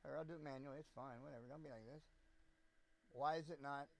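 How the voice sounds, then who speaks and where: A man's voice: on the high side, fairly even intonation, fast talker, rough recording. A young man streaming a video game, rambling, joking and swearing freely as he plays. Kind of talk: casual game commentary. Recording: background noise.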